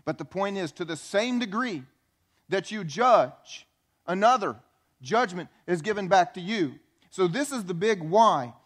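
A man's voice: high-pitched, animated, normal speed. A man preaching a sermon as pastor, emphatic and repeating key phrases for effect.

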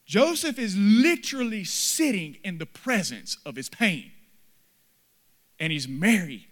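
A man pastor delivering a sermon in earnest, with repeated short phrases, swinging from soft, low passages to loud ones. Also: sing-song, measured pace.

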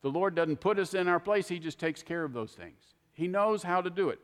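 An older man preaching a sermon, telling folksy stories in an animated, heartfelt way. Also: high-pitched, a little fast, big-room sound. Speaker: pastor.

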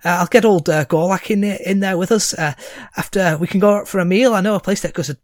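A man's voice: high-pitched, fast, no room sound, clean studio sound, voice pushed up, natural voice. A man voicing a brash male politician with a Scouse accent, chummy and rambling.

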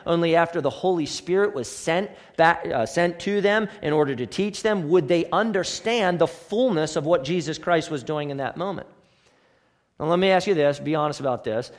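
High-voiced preaching man in a reverberant hall. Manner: earnest preaching, rhetorical questions to the congregation. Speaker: pastor. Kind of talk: sermon. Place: church sanctuary.

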